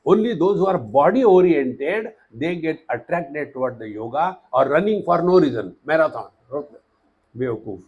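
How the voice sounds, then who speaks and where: Husky-voiced Indian man giving a discourse. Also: a little high, animated, moderate pace, few pauses, phone-quality sound. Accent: Indian English. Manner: anecdotal, humorous storytelling. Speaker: spiritual teacher. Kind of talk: spiritual discourse.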